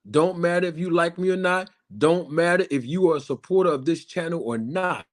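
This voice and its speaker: This boxing YouTube host has a slightly higher voice and addresses his live-stream audience directly. He talks emphatically, repeats phrases, and stretches out important lines for weight.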